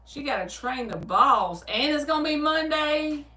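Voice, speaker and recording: A high-pitched, unhurried woman with a Southern US accent hosts a livestream as a tarot reader, reading viewer comments aloud and replying with easy laughs and animated stories. The mic sits at a distance, leaving the sound roomy.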